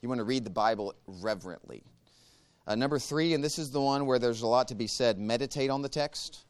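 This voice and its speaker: Calm, smooth-voiced man teaching prayer. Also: mid-range voice. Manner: calm, measured, gives step-by-step instructions. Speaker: church teacher leading a meditation class. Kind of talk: teaching a guided prayer practice.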